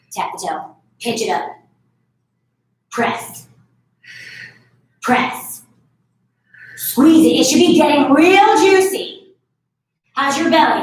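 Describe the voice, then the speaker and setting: Chatty woman barre instructor, echoey room. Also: high voice. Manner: chatty, encouraging, laughs often. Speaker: fitness instructor. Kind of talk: live barre class instruction. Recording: echoey room, far from mic.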